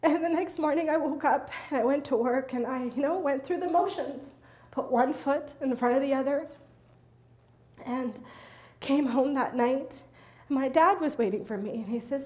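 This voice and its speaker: A woman gives an earnest personal testimony before a group, her fairly high voice halting and restarting as she checks in with her listeners. The sound carries the roomy echo of a hall. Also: darkish tone. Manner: earnest, halting, with many restarts and tag questions. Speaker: invited faith speaker.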